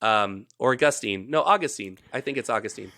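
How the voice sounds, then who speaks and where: Bright-voiced man rambling through history. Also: on the low side, expressive, fairly quick, gravelly, no room sound, clean studio sound. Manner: rambling, self-correcting, jokey explainer. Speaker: podcast host presenting research. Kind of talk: casual podcast chat.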